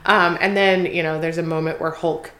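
A woman co-hosting a podcast, chatting casually about a movie in an animated way and acting out the lines she quotes. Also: lowish voice, moderate pace, reverberant. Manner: animated, acts out quoted lines, laughs often. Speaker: podcast co-host. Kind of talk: casual movie review chat.

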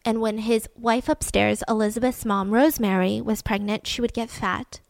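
A woman hosting a podcast tells a true-crime story in a loose, chatty way. Her voice sits fairly high, and she gets animated and openly indignant about what happened. The sound is dry and close. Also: normal speed, creaky, dry recording. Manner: animated and indignant, heavy use of "like". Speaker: podcast host.

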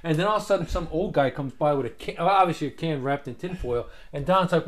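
A man telling an old story in casual chat, animated and acting out the voices of others, swearing freely. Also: fairly high pitch, fast, few pauses.

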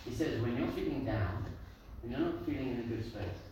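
A man teaching a lively Torah class as a rabbi, telling stories and acting out the voices in them. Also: medium pitch, brisk. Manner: animated storyteller, acts out voices, laughs with listeners. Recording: echoey room, far from mic, noisy.

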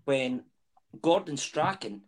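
Scottish man, slightly higher voice. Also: lively intonation, takes it slowly, slightly rough. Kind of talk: casual chat.

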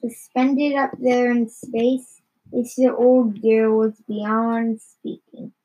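A woman reading a children's story aloud in a halting way, often stumbling and repeating words. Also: on the high side, flat delivery, dark tone, slightly rough, rough recording. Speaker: reader.

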